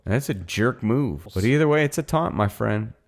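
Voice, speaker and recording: A man's voice: lowish voice, lively intonation, vocal fry. A man co-hosting a casual comedy podcast, teasing his partner, drawing words out and swearing. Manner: teasing, drawn-out emphasis, profane. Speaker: podcast co-host.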